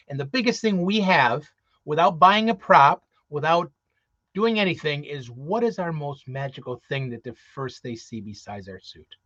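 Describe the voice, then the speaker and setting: A cheerful, earnest man with a slightly high voice shares Santa-performing tips, often repeating words as he goes. The audio is dull and lo-fi, with a dry, close sound. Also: fairly bright tone, no room sound. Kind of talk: casual advice talk.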